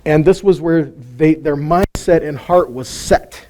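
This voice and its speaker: A man's voice: fairly high pitch, normal speed, hardly any pauses, dark tone. A man giving an informal sermon teaching, conversational and full of rhetorical questions and chuckling asides. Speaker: Bible teacher.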